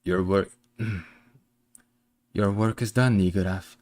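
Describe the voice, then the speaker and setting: A man voicing a dignified female Valkyrie commander, speaking slowly, solemnly and formally. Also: sits low, steady tone, darkish tone, no echo, pitched below the performer's own voice. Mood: stern.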